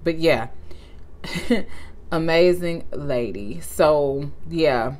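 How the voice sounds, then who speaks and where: A young woman hosting a casual vlog, talking in a warm, effusive way and often close to tears. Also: low-pitched, very slow. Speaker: channel host.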